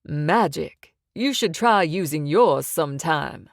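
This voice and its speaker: A woman's voice: deep voice, lively intonation, creaky, no echo, clean studio sound, full character voice. Woman doing a drawling southern crime boss. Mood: silky menacing. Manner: slow genteel drawl. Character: smooth menacing southern crime boss, thin man.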